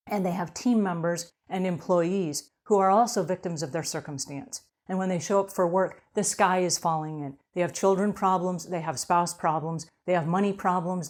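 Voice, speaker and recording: A middle-aged woman giving an earnest motivational talk to cleaning business owners, often checking in with "okay?". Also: lowish voice.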